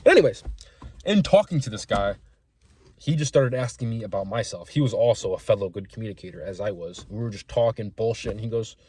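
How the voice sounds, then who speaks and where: A man's voice: lowish voice, expressive, a little fast, darkish tone, slightly rough. A young man casually telling rambling, frank stories in a profane, chatty way. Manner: profane, rambling, frank storytelling with acted-out quotes. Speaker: small business owner telling gym stories. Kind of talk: casual storytelling vlog.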